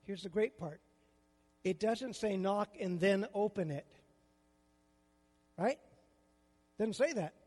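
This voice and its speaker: High-pitched older pastor in a hall. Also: male voice, expressive, takes it slowly, pauses often, a little mellow, breathy edge. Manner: conversational preaching, rhetorical questions. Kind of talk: sermon.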